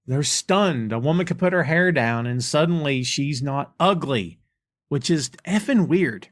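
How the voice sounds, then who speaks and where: A man's voice: a little high, animated, unhurried, no echo, studio quality. A man hosting a podcast, chatting casually and recapping scenes from an episode line by line. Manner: retells dialogue line by line, conversational. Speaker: podcast host reviewing a TV episode.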